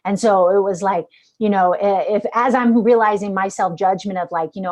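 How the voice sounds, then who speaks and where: A middle-aged woman host telling her own story in an earnest, animated way during a conversational interview. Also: medium pitch, a little fast, low-quality recording. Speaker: podcast host.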